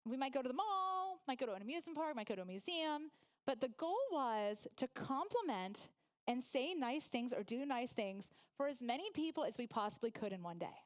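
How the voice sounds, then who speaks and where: A woman's voice: high voice, fairly quick. A woman in her forties from Oklahoma giving a humorous motivational speech, telling stories and laughing along with the audience. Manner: lively storytelling, laughs with the audience. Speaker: guest speaker.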